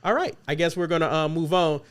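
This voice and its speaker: A man hosting a casual podcast chat, joking and teasing his co-hosts in an animated way. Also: on the high side, fast talker, a loud crowd. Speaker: podcast host.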